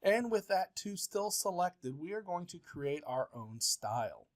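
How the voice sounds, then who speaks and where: A man's voice: high-pitched, sing-song, a little slow. A male professor walking through a word processing tutorial step by step, patient and plain, with frequent filler sounds. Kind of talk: software tutorial walkthrough.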